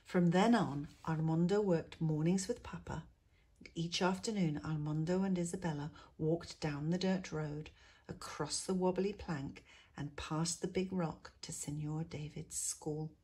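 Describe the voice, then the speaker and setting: A woman reads a children's picture book aloud, taking her time over every phrase. Her low, slightly husky voice turns hushed and soft in the quiet passages. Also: measured pace. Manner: expressive, drops to a hush in quiet moments. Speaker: teacher reading to pupils. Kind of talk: storybook read-aloud.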